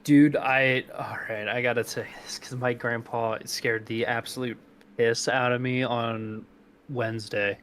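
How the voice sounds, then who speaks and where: A man's voice: medium pitch, flat delivery, a little slow, a bit bright, slight background noise. Laid-back young guy, swearing and laughing. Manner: loose, profane, laughing storyteller. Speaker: podcast co-host. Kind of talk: casual chat.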